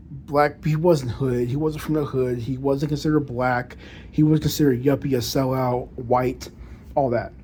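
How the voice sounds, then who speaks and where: A man's voice: mid-range voice, a little mellow, a little hiss or hum. A man talking casually to camera in a monologue, with proper, careful diction and frequent restarts and repeated words. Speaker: vlogger.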